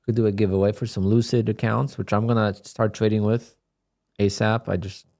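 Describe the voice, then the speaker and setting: A man casually chatting on his live day-trading stream, relaxed and talkative, reading viewer questions aloud and answering them. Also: fairly low pitch, brisk. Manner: laid-back, chatty, reads chat questions aloud.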